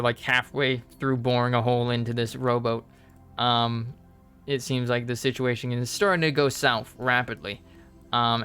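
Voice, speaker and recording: A man running a tabletop game as game master, narrating in an easygoing, halting way with many fillers. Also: medium pitch, sharp tone, smooth.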